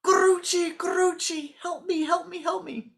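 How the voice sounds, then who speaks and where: A teacher doing a frantic, shouting disciple. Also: steady tone, gravelly, full character voice. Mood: panicked. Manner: loud, high and hurried commands. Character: frantic greedy disciple, barking orders.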